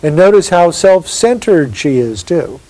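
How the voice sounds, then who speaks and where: A man giving a university literature lecture, reading poetry aloud slowly and emphatically and posing rhetorical questions. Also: fairly high pitch, sing-song, warm tone, poor audio.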